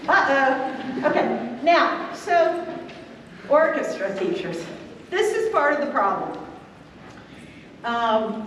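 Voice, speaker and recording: In a large convention rehearsal hall, a woman clinician with a high voice works with a string orchestra, counting beats out loud, singing the counts and testing the players with questions. The recording is distant and echoey, carrying a little hiss or hum.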